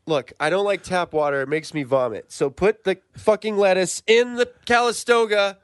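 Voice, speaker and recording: A man improvising comedy, with loud, exasperated, swearing rants. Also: sits high, normal speed, clean tone, no room sound, studio quality. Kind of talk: improvised comedy sketch and banter.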